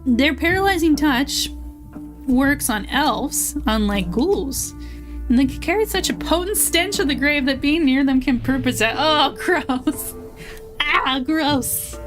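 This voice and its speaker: A woman's voice: high voice, slow pace. A young woman streaming, chatting casually, swearing freely and reading chat aloud. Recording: faint music behind.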